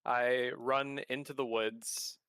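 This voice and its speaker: A man's voice: mid-range voice, little pitch movement, takes it slowly, a bit bright, clean tone, no room sound. A man playing a tabletop game, describing his character's actions in vivid detail. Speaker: player.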